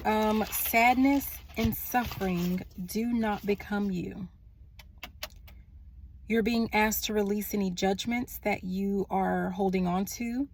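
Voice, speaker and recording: In an indoor room, a woman speaks into a phone, delivering a channeled spiritual message slowly, softly and earnestly, her voice sometimes trailing into a hush. She has a medium pitch, and a little hiss or hum is audible.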